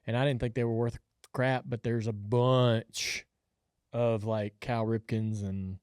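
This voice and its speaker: A man, co-hosting a podcast and telling a story in an animated, laughing way. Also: medium pitch, takes it slowly, clean tone, no room sound, studio quality. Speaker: podcast co-host. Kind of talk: casual storytelling chat.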